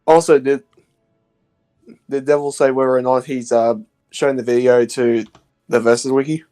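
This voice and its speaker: A man's voice: medium pitch, flat delivery, normal speed, dark tone, soft background music. A man chatting on a game stream, teasing his friend in a mock-menacing way. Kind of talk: casual let's play chat.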